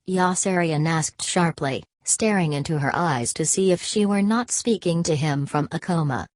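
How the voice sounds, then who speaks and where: Woman reading an audiobook, low voice, steady, dry close sound. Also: a little slow, few pauses, no echo. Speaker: audiobook narrator. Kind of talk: scripted narration.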